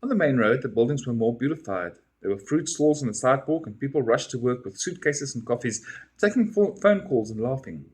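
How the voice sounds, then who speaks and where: A man reading a first-person story aloud in an expressive way. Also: mid-range voice, a little fast, husky. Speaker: reader.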